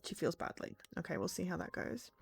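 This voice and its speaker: A woman streamer talking casually at her desk while she plays, self-deprecating and chatty. Her voice sits a little low yet swoops up and down with lively energy, and faint game music plays underneath. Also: fairly quick, gravelly, husky. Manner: chatty, self-deprecating, reads dialogue aloud. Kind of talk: casual let's-play commentary.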